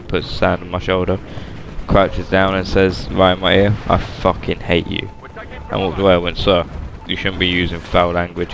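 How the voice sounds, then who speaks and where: Deep, gravelly guy telling a story. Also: noisy background. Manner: flat, matter-of-fact retelling with plain slang. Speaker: vlogger. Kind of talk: casual storytelling to camera.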